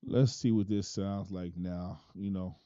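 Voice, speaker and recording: Deep voiced guy doing a chill mic test, dry kinda dull sound. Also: steady tone, measured pace, mellow, no echo. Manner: laid-back, thinking aloud, often tags lines with "man". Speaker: person testing his microphone setup. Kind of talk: casual mic-check talk.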